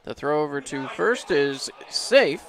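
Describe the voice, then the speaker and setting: A man's voice: on the high side, animated, measured pace, gravelly, fairly bright tone. A man calling baseball play-by-play from an outdoor ballpark booth, easygoing and chuckling, his voice rising sharply on big hits. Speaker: play-by-play announcer.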